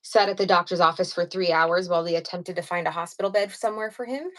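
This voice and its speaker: Low-voiced mother telling her story earnestly. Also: quick pace, fairly bright tone. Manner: earnest, with frequent um's. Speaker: interview guest, a mother. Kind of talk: live podcast interview.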